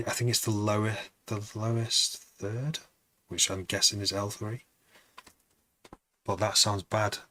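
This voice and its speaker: A man's voice: lowish voice, sharp tone. A man producing music on a live stream, chatting to viewers in a rambling, casual way.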